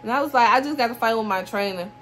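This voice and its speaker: Speaking quickly in a voice on the high side, the twenty-something woman performs everyone's lines in her casual storytime vlog, laughing through the lively retelling. A little hiss or hum can be heard.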